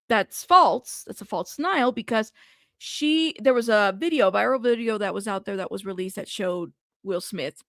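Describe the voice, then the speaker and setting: A woman who hosts a news commentary channel reads a lawsuit aloud for her viewers, her medium-pitched voice a little bright. She keeps breaking into amused asides and laughter, and the clean studio recording has no room sound.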